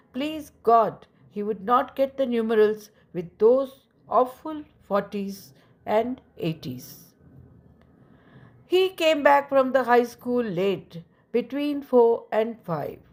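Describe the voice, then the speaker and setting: A woman narrating a classic short story as an audiobook, in a measured, even storytelling manner. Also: a little high.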